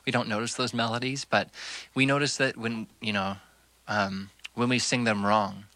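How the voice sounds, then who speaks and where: A man's voice: medium pitch, fairly even intonation, normal speed, bright, forceful tone, no echo. A man, a guest musician, chatting casually between songs in a basement, loose and thoughtful, laughing often.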